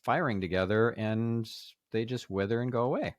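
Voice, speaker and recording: A man's voice: mid-range voice, fairly quick, dry recording, highs cut off. A man hosting a podcast interview, thinking aloud through his ideas with many fillers. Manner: thoughtful, with many fillers and restarts. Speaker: podcast host. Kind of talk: interview conversation.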